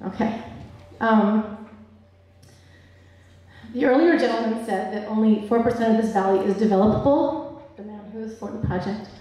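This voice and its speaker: A woman's voice: fairly high pitch, normal speed, mellow. A woman giving an emotional, earnest public comment at a town hearing. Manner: emotional, earnest, laughs nervously. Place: large echoey public hall. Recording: echoey hall, voice from far off.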